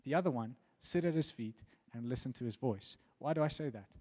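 A man's voice: medium pitch, fairly quick, mellow, husky. Earnest man preaching a sermon. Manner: earnest, repeats words, rising emphasis.

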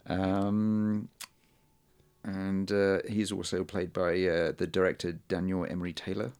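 Deep gravelly man, dry and understated. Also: flat delivery, unhurried, darkish tone. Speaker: podcast co-host. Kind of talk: casual chat about movies.

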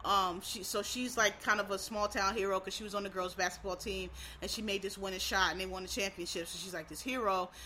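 A woman's voice: mid-range voice, steady tone, brisk, hardly any pauses, sharp tone, a little hiss or hum. A woman from Philadelphia with a faint Philadelphia accent, chatting casually and rambling with frequent fillers and restarts. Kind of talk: casual chat.

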